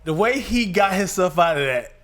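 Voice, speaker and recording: A man co-hosting a podcast in casual chat, an animated storyteller who slips into loud impressions. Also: high-pitched, moderate pace. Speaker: podcast co-host.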